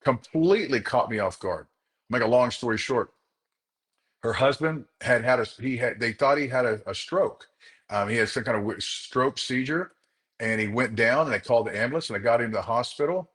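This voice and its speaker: A man speaks to a group in a motivational talk, telling them a story about his day. His voice sits at an ordinary middle pitch. He is earnest and repeats words to drive a point home. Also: moderate pace, fairly bright tone. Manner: addresses the group directly. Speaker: chiropractor leading a group session.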